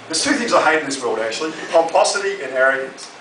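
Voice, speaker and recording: A young Australian man delivers a crude, brash stand-up set in a slightly higher voice. He sounds distant and roomy, caught from afar in a live comedy club with clear crowd noise behind him. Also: animated, fast talker, sharp tone.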